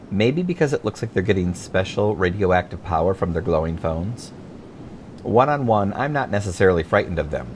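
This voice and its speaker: Gravelly man reading his memoir wryly. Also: low-pitched, slight background noise. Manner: wry, self-mocking humor with theatrical emphasis. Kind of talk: audiobook narration.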